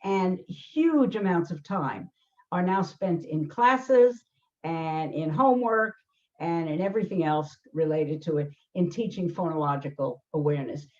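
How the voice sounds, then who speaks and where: A woman's voice: fairly low pitch, a little mellow. An older woman, a learning specialist hosting a conversation, explaining emphatically with many fillers and restarts. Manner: emphatic, acts out quoted voices, frequent fillers and restarts. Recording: dull lo-fi sound.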